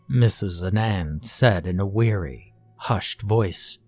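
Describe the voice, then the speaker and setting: A man narrating a scripted horror story in a slow, hushed way. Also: sits low, breathy edge, faint music behind.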